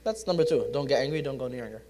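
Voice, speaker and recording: A man's voice: medium pitch, lively intonation, rapid-fire, noisy background. A young man teaching a casual, interactive study circle in a community center classroom, asking the audience questions and joking with them. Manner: conversational, asks the audience questions, jokes and laughs. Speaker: religious teacher.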